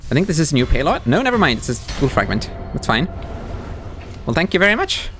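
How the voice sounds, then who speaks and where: A man's voice: fairly high pitch, fast, a little hiss or hum. A man doing live gameplay commentary as a streamer, talking back to the game's characters. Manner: animated, talks to the game characters.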